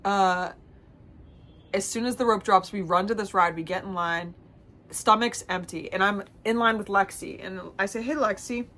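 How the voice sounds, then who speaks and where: A woman's voice: mid-range voice, normal speed, a bit bright. A woman vlogger and theater producer telling funny stories in a chatty, self-mocking way. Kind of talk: casual storytelling vlog.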